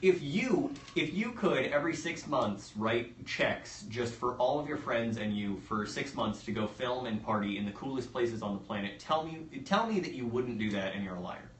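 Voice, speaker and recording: A man's voice: medium pitch, animated, moderate pace, hardly any pauses, recorded from a distance, a little hiss or hum. A man from the Midwest, a stand-up comedian, chatting casually about comedy in a rambling, enthusiastic way with many restarts. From American Midwest. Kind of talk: casual chat. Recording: echoey room, off-mic.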